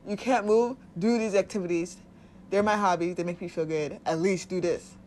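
A woman's voice: on the low side, fairly even intonation, moderate pace, darkish tone, a little hiss or hum. A woman giving casual spiritual self-help advice, blunt and profane, often laughing and acting out little voices. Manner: acts out quoted voices of body and soul.

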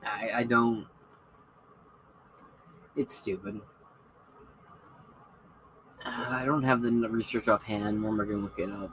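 A man with a bright, sharp voice holds forth on his podcast in a loose, cursing ramble. His delivery is casual and opinionated over a faint hiss. Each point sounds sure of itself. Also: medium pitch, fairly even intonation, unhurried, long pauses, low-quality recording. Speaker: podcast host. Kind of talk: casual monologue.

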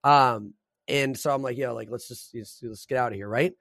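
A man's voice: medium pitch, moderate pace, vocal fry, no room sound, studio quality. A young man hosting a casual podcast chat, telling rambling stories full of swearing and "bro". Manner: swears a lot, says "bro" and "dude"; rambling animated storyteller.

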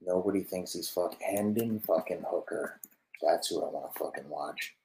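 A young man with a very low voice streams his reactions to football clips. He swears nonstop and talks loosely and casually to his viewers. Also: normal speed, creaky, darkish tone, poor audio. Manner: profane, swears constantly. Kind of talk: casual live-stream commentary.

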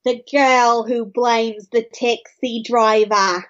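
A woman's voice: on the high side, steady tone, slow. A woman co-hosting a podcast, reading out her episode notes in a blunt, casual recap. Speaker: podcast co-host. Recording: slightly dull lo-fi audio.

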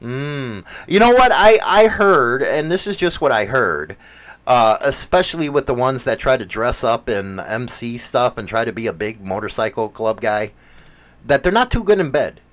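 A man's voice: mid-range voice, very animated, normal speed, fairly bright tone. Brash man with a Chicago accent. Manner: brash, crude, teasing. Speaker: radio show host. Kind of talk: casual radio banter.

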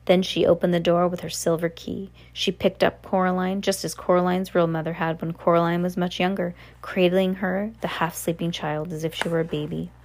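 A woman's voice: fairly low pitch, level tone, a little fast, few pauses, darkish tone. A woman reading a novel aloud in a casual, unpolished way, correcting herself as she goes. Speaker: reader.

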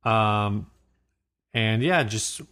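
A man co-hosting a podcast in casual chat, with relaxed, dry joking. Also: lowish voice, drawn-out words, smooth. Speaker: podcast co-host.

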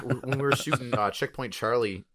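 A man guesting on a podcast, trading crude jokes in casual banter, dropping to low mutters and then ranting loudly. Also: normal speed, no echo. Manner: swings from low mutters to loud excited rants.

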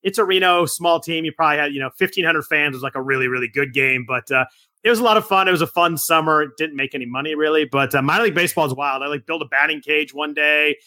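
Fast, bright-voiced chatty male guest. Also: on the high side, no echo, clean studio sound. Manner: rapid, chatty, loose storytelling. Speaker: podcast guest. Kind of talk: casual podcast chat.

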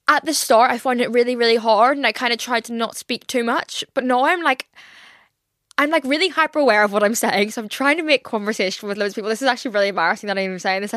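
A young woman talks alone on her podcast in a candid, rambling way, swearing freely. Her voice sits fairly high and sounds teary, as if she is close to crying. The sound is dry and close. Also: a bit bright, no echo. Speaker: podcast host. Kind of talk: casual solo podcast chat.

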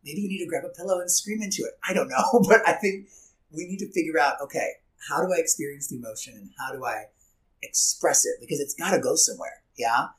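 A man who teaches classes, talking in a casual podcast conversation and acting out quoted speech with lively swings in his voice. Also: a little high, fast talker, low-quality recording. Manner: animated, acts out quoted speech.

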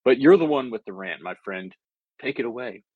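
A man's voice: medium pitch, expressive, a little fast, breathy edge, no echo, narrow, tinny audio. A man co-hosting a podcast, laid-back and joking, stammering over restarts. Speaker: podcast co-host. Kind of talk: casual podcast chat.

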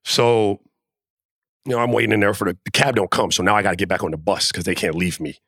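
Guy telling a wild locker room story on a podcast, kinda low voice, cursing, acting out what everyone said. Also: fast, slightly rough, no room sound, clean studio sound. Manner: animated, profane, acts out quotes. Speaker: podcast co-host, former NBA player. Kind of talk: casual storytelling chat.

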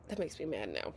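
Her voice sits low as this thirtysomething woman spins a story for viewers at home. The telling is loose, theatrical and full of swearing, with frequent slides into a whisper.

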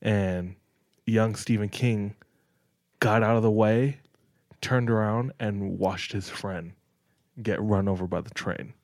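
A man's voice: fairly low pitch, steady tone, slow pace, pauses often, darkish tone, dry recording, clean studio sound. A young man on a podcast, telling stories in casual chat, with lots of "like" and "dog.". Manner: laid-back storyteller, says "like" and "dog" a lot. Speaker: podcast co-host.

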